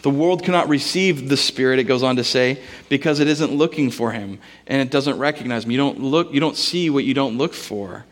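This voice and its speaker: A man's voice: mid-range voice, brisk, hardly any pauses. A man, a pastor, preaching a sermon in a casual, conversational way, mixing scripture with personal stories.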